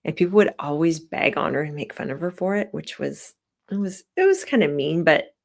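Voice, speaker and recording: A woman's voice: on the low side, animated, slow, vocal fry, pauses often. A woman vlogger giving chatty, opinionated commentary with many fillers. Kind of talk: casual vlog commentary.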